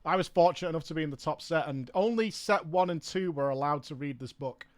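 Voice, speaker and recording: A man's voice: on the high side, quick pace. A man streaming a game, chatting casually, rambling and swearing as he searches for words. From United Kingdom. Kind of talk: casual chat while gaming.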